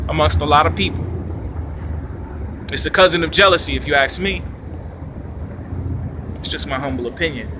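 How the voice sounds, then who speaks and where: Background noise accompanies a man with a voice on the high side who records video commentary outdoors in a city park. He rambles off the cuff, emphatic and preachy, posing rhetorical questions.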